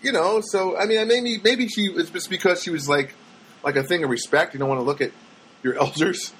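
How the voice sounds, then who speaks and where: A man's voice: high voice, fairly quick, a little hiss or hum, rough recording. A man telling rambling everyday stories in a casual monologue, acting out the voices of people he met. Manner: rambling, animated, acts out voices of people he quotes.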